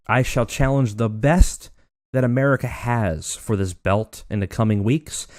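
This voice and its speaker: Man reads a grandiose male champion's speech; declamatory, low-pitched, deliberate. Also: darkish tone, no echo, studio quality, lightly acted. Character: proud male wrestling champion cutting a promo.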